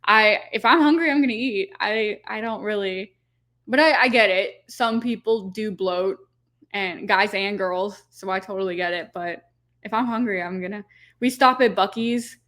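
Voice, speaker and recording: A woman's voice: medium pitch, normal speed, a bit bright. A woman in her twenties, raised in the American South, chatting casually as a podcast guest and laughing often. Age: 20s. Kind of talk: casual chat.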